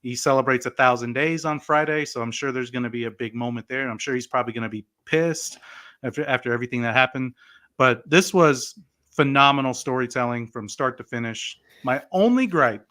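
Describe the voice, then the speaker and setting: A man co-hosting a laid-back podcast, his voice bright and forward at a medium pitch. He talks in an animated, rambling way, full of "like" and "you know". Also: brisk. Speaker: podcast co-host. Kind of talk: casual wrestling podcast chat.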